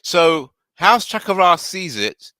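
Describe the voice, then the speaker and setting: Panel host, male, animated and laughing, voice sits high, dry close sound. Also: slow pace, dry recording, poor audio. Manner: animated, laughs often, acts out voices in retelling. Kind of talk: casual panel discussion.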